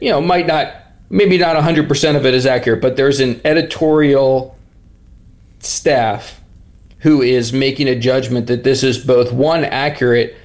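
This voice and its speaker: A man's voice: mid-range voice, gravelly. Man thinking aloud as an interview guest. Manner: thoughtful, with many restarts and fillers. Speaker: reporter guest. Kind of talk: interview answers.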